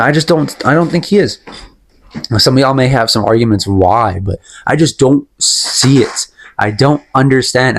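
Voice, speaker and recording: Young male vlogger, casual rant, emphatic and repetitive, mid-pitched voice, talks his opinions through at length. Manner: rambling, emphatic, repeats himself, sips tea while talking. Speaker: MMA commentary vlogger.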